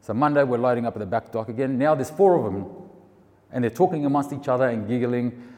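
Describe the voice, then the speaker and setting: A man telling his faith story in casual, animated speech, acting out the people he quotes. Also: medium pitch, quick pace, in a large hall. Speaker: storyteller sharing a faith testimony. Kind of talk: casual spoken testimony.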